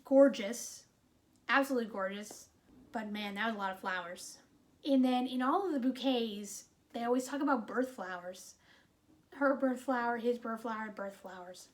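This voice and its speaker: A woman with a fairly high voice talks through a movie in a loose, chatty way. She retells the plot with animated, exasperated asides and leans on "like" as she goes. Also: moderate pace. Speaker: movie reviewer. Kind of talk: casual chatty movie review.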